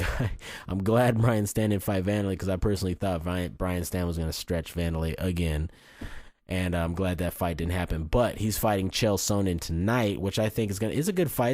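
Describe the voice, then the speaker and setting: A man with a very low voice delivers casual fight predictions, blunt and boastful, tripping over his own restarts as he goes. The sound is close and dry, with no room around it. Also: darkish tone, dry recording. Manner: blunt, boastful and cocky, with frequent restarts and mild swearing. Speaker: fight commentator and video host.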